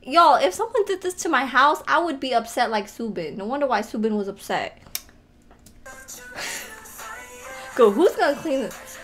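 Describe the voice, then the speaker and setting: A young woman reacting to a video in casual, animated commentary, often exclaiming and laughing. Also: sits high, a little slow, long pauses. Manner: animated, exclaiming and laughing at what she watches. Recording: music playing behind her voice. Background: faint music.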